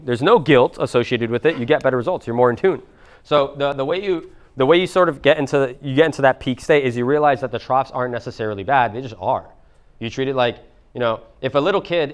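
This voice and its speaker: A man coaching a small group in a live workshop, casual and jokey, swearing freely and talking straight to the room. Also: mid-range voice. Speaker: business and mindset coach.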